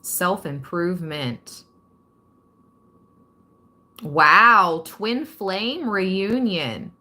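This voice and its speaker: A woman giving a calm, reflective tarot reading to her viewers. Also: mid-range voice. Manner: calm and reflective, reading card meanings aloud. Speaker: tarot card reader.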